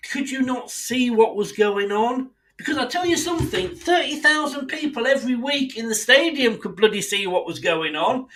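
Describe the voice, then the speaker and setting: Animated, exasperated English fan ranting. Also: male voice, extremely high pitch, moderate pace, few pauses. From England. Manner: exasperated, blunt, swears freely; mimics others in asides. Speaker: football fan channel host. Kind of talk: impassioned fan rant.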